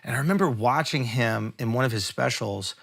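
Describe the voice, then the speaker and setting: A male comedian chatting casually, telling an animated story full of filler words. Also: mid-range voice, fairly quick, creaky. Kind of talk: casual chat.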